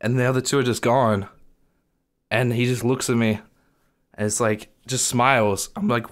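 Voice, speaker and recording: A young man vlogging, retelling a strange restaurant visit in a casual, animated way, with lots of "like". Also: medium pitch, normal speed. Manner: animated retelling, heavy use of "like". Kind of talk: casual storytelling to camera.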